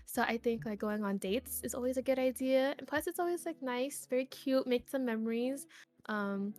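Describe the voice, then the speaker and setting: A young woman, a streamer guest on a podcast, rambling through a personal story and filling it with "like". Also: fairly high pitch. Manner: rambling, heavy use of "like", animated retelling. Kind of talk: casual storytelling chat.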